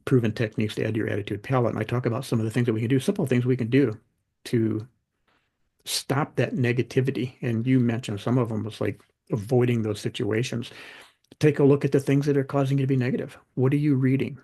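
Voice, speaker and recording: A middle-aged man, a podcast guest and author, talking in a relaxed, conversational way and acting out the voices in his anecdotes. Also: mid-range voice, fast talker, creaky, husky. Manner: animated anecdotes, acts out quoted dialogue. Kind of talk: conversational storytelling.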